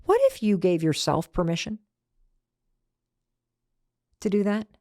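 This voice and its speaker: A woman's voice: on the low side, a little slow, warm tone, no room sound. Emphatic woman podcast host, dry sound. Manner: emphatic, storytelling with punchy repetition. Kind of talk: motivational podcast talk.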